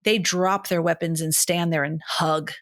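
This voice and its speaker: A woman in her thirties co-hosting a horror movie podcast in casual chat, animated and swearing, acting out characters' lines with big jumps in her voice. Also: fairly low pitch, measured pace. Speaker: podcast co-host.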